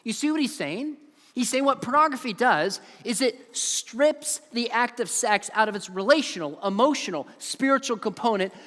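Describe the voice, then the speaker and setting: Earnest high-voiced man in a reverberant hall. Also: fairly bright tone. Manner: earnest, emphatic, storytelling. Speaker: conference speaker. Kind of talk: earnest conference talk to students. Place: large conference hall.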